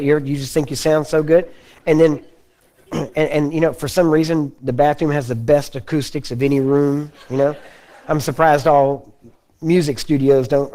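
A man with a Texan accent preaching a folksy, conversational sermon and often clearing his throat. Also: on the high side, mellow. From Texas.

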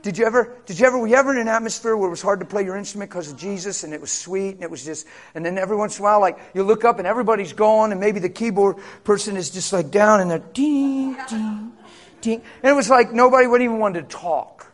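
A man preaching a sermon as pastor, swinging from hushed storytelling to loud, fervent shouting. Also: sits high, rapid-fire, hardly any pauses.

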